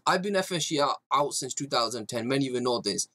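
A man's voice: mid-range voice, expressive, fast, sharp tone. A man hosting a fan livestream, ranting bluntly and profanely while reading viewer comments. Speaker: fan channel host.

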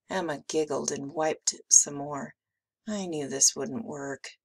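A woman teacher reading a picture book aloud with slow, expressive delivery. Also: low-pitched, vocal fry, slightly rough.

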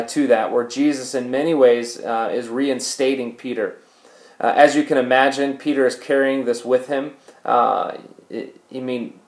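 Pastor guy preaching a sermon, earnest, lots of uhs, mid voice, church echo. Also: mid-range voice. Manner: earnest, explanatory, frequent "uh" fillers. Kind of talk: sermon reading and teaching scripture. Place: church sanctuary. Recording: echoey church hall.

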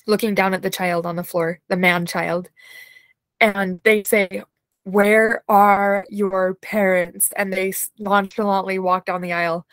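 A woman leading an unscripted guided imagery session, speaking slowly and soothingly, with soft laughs and sighs. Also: mid-range voice, no echo, low-quality recording. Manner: slow, soothing guidance with soft laughs and yawns.

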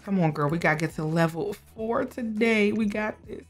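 A woman's voice: mid-range voice, normal speed. A young woman keeps up a chatty commentary as she plays, coaxing her characters along and laughing easily. Her voice sits in a middle range, with light game music faintly under it. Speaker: gameplay streamer. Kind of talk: casual gameplay commentary.

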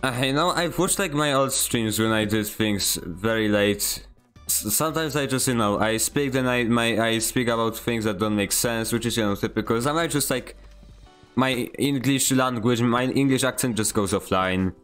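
A man's voice: mid-range voice, normal speed, a bit bright, clean tone, soft background music. A man from Poland with a Polish accent, streaming a game and chatting with viewers in a rambling, self-deprecating way. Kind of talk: casual gameplay stream commentary.

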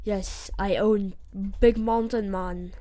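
A woman voicing a territorial male mountain man with a put-on Jamaican accent, yelling at intruders. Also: medium pitch, fairly even intonation, takes it slowly, close to an everyday voice.

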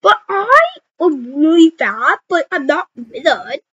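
A woman voicing a soft-spoken chubby bunny animatronic in a game role-play, talking slowly and goofily. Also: high voice, sing-song, exaggerated voice. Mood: goofy. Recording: slightly dull lo-fi audio.

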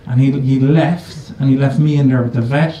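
A man's voice: medium pitch, normal speed. A man telling a comic story on stage in a casual, swearing, conversational way. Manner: swearing, conversational, animated storytelling with a live audience laughing. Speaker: stand-up comedian. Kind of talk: stand-up storytelling. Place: stage in a comedy venue, before an audience. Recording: echoey live venue, voice from far off, audible audience noise.

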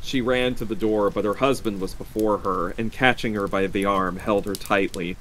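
Low-voiced man reading a horror story. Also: fairly even intonation, moderate pace, fairly bright tone, slight background noise. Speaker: storyteller on a live stream.

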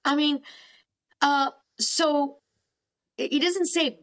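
A woman therapist speaks with a high, bright-toned voice. She is lively and emphatic, and she keeps slipping into acted-out dialogues while discussing faith and healing in a podcast conversation. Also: slow, pauses often. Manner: animated, emphatic, acts out quoted dialogues. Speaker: cognitive therapist, podcast guest. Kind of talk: faith-based counselling conversation.

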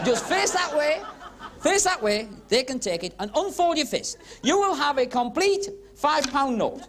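A man doing comic magic patter on a club stage, teasing audience volunteers with quick cheeky asides. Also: very high voice, big pitch swings. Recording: 1970s TV broadcast with crowd laughter and hiss. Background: audience laughing and murmuring.

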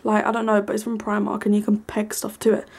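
A young woman giving a casual, rambling tour of her small bedroom, full of ums and likes, sometimes hushed. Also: mid-range voice, completely flat delivery, quick pace, vocal fry, husky. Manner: hushed at times so as not to wake her brother. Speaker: vlogger. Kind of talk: casual room tour vlog.

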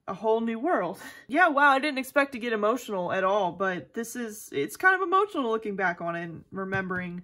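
A woman's voice: medium pitch, bright, forceful tone. Chatty young woman vlogging casually. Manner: chatty, rambling, self-deprecating. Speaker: planner vlogger. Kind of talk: casual vlog chat.

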